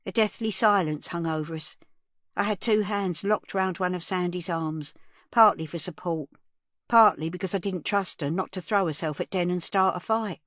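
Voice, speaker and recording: A woman narrates an audiobook in a plain storytelling manner. Her voice sits on the low side. The studio recording is close and dry, with no room sound. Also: normal speed, fairly bright tone, no echo. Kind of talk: first-person audiobook narration.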